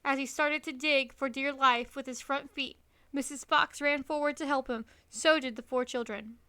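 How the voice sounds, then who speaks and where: A woman reading a children's storybook aloud in an expressive, lively manner. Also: high voice, moderate pace, dry recording. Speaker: storybook reader.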